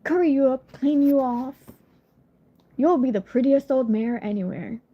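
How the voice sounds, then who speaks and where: A woman's voice: high-pitched, measured pace, slightly rough. A woman voicing a fat, clumsy farmhand who coaxes breathlessly in a storybook reading. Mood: coaxing. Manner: coaxing, panting. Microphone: phone. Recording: lo-fi phone recording.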